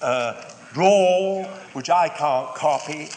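An older British man from the United Kingdom preaches a sermon in British English, measured and drawing key words out for emphasis, with wry, humorous asides. His voice is on the high side. The recording has a noisy background and long hall reverb.

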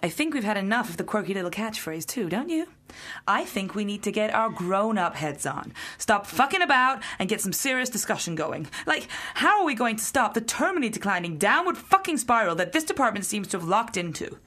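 A woman's voice: medium pitch, lively intonation, a little fast, fairly bright tone. An actress playing a brusque Canadian woman executive from head office in a sitcom, with a Canadian accent, curt and given to blunt swearing. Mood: irritated. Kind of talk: sitcom acting.

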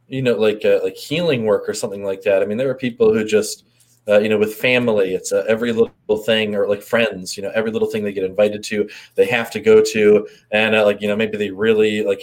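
A man with a fairly low voice talks through his ideas in a relaxed conversation. He hesitates and restarts often while he looks for the right words. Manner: hesitant, many fillers and restarts, thoughtful. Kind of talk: casual chat.

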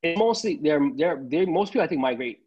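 A man's voice: a little high, lively intonation, quick pace, breathy edge, highs cut off. A man, a tailor chatting casually on a podcast, rambling and restarting his sentences.

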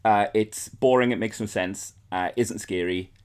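A man with a slightly low voice, talking in a blunt, casual way. He swears freely and dismisses things with scathing one-liners as a podcast co-host. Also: normal speed, clear, resonant tone. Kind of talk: casual chat.

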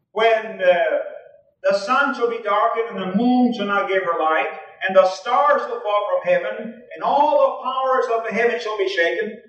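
A man with a very high, fairly bright voice preaches a sermon as pastor in a church, emphatically reading scripture aloud to his congregation. The recording is echoey and distant, like a 1980s church tape.

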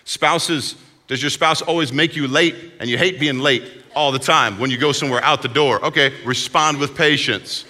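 A man preaching a sermon as pastor, in a conversational, animated way, recorded in a large hall. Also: mid-range voice, moderate pace, few pauses. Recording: long hall reverb.

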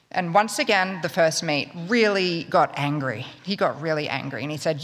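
A woman tells a story to a live audience in a wry, chatty manner. Her voice sits on the low side. The sound carries a long hall reverb. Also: normal speed, few pauses, a bit bright. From Australia. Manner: wry, conversational, self-mocking.

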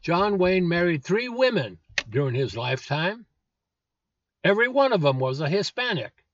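A man's voice: high voice, sing-song, moderate pace, no echo. A man in his seventies hosting a political commentary show, blunt and scornful, with lots of "uh" fillers. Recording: dull lo-fi dry recording.

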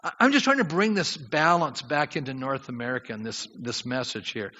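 A man preaching a sermon as pastor, lively and questioning his congregation. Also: medium pitch, fairly quick. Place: church sanctuary. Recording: dull sound with long hall reverb.

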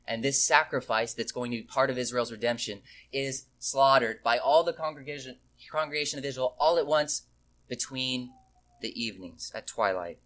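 A man's voice: mid-range voice, a bit bright. A man reading scripture aloud and then explaining it verse by verse, emphatic and repeating key phrases for weight. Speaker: Bible teacher.

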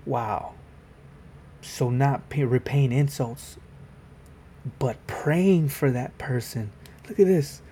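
A man's voice: mid-range voice, lively intonation, slow, long pauses, dark tone, a little hiss or hum. A man giving a casual Bible devotional video, reading scripture aloud and then explaining it in a conversational way.

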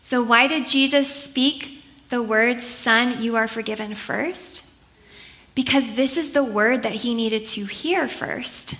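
Woman preacher, bright and a bit high, earnest, conversational sermon delivery. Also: takes it slowly.

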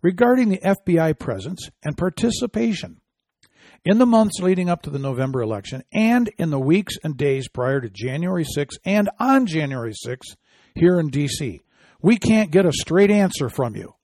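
A man's voice: on the high side, very animated, normal speed, darkish tone, no echo, clean studio sound. Indignant man hosting a commentary show. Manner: indignant, reading quotes then scoffing. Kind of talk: opinion commentary.

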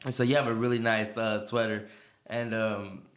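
A man's voice: lowish voice, flat delivery, moderate pace. A man hosting a podcast, telling a rambling story in casual chat, laughing and full of fillers. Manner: rambling, laughing, lots of filler and quoted dialogue. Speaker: podcast host. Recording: echoey room.

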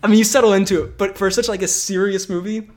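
A man's voice: high voice, fairly even intonation, fast talker, a little mellow. Laughing young man in loose chat. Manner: laughs often, rambling, filler-heavy. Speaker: podcast co-host. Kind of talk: casual chat.

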